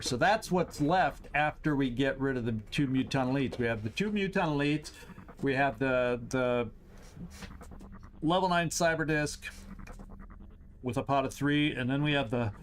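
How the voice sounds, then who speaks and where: A man hosting a game stream, thinking aloud through his moves, tallying enemies and cheering loudly at big shots. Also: medium pitch, measured pace, a little hiss or hum. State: has the hiccups. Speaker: host. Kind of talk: gameplay commentary.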